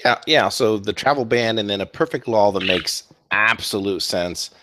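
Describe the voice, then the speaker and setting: Low-voiced man co-hosting talk radio. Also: background noise. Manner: steady, halting, many fillers. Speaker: co-host. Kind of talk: casual political talk radio.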